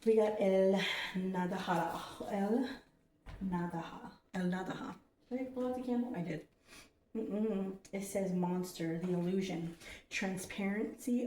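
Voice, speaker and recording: A woman's voice: on the low side, mellow. A woman hosting a casual card-reading stream who chats, laughs and swears between readings. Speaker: host reading oracle cards. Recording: roomy, distant from the mic with faint noise.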